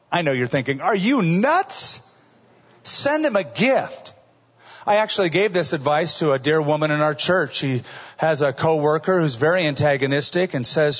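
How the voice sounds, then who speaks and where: A middle-aged male pastor preaching a sermon in an earnest, conversational way, often dropping to a soft voice for asides. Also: on the high side, husky. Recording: dull recording in a large reverberant hall.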